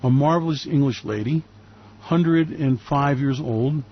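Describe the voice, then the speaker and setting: A radio host talks in an unhurried, mid-range voice, giving a rambling, emphatic, opinionated monologue full of fillers and restarts. The sound is lo-fi.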